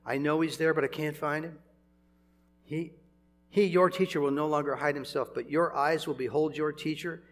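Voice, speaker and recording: A man's voice: on the high side, steady tone, moderate pace. An older man preaching a sermon, conversational, with chuckles and sudden emphatic swells.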